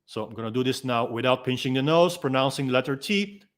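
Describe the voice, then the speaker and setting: A freediving instructor calmly explaining and demonstrating techniques in a gentle, unhurried way, pausing often with ums. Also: male voice, medium pitch. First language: Dutch. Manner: calm, gentle explaining with frequent ums and pauses.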